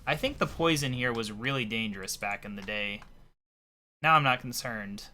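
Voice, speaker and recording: A man giving casual, thinking-aloud commentary as he plays a game, his voice a little hoarse. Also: mid-range voice, normal speed, a little hiss or hum. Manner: relaxed, thinking aloud while playing. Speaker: let's play commentator.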